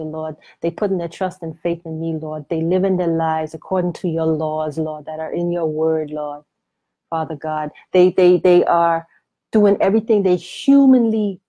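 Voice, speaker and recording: A woman voicing Jesus as a gentle adult man, speaking in an earnest, pleading way. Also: on the low side, natural voice.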